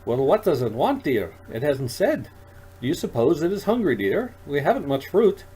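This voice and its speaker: A man's voice: a little high, normal speed, husky, pitched above the performer's own voice. A man voicing an eccentric old male alien shopkeeper who mutters to himself and rambles. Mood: fussy. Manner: dithering, excitable, childlike. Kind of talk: audiobook character voice.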